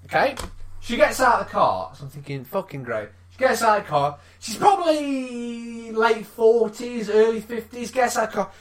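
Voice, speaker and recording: A podcast co-host, telling an angry story in an excitable, sweary way and mimicking people. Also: mid-range voice, moderate pace. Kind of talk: animated storytelling rant.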